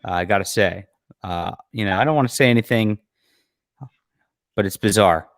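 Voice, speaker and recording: Low-voiced man hosting a livestream. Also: normal speed, dry recording, studio quality. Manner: blunt, mocking commentary with frequent fillers. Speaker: livestream host. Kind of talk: casual commentary over a clip.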